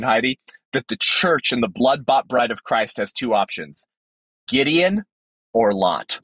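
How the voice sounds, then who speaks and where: A man, a podcast guest, giving fervent preaching-style commentary with emphatic swings in pitch. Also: a bit bright, breathy edge, dry recording, low-quality recording.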